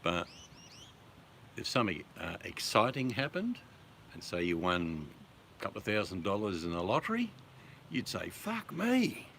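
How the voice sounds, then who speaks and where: An Australian man chatting casually with viewers as host, relaxed and chatty, swearing freely. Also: low voice, moderate pace, gravelly, long pauses, a little hiss or hum.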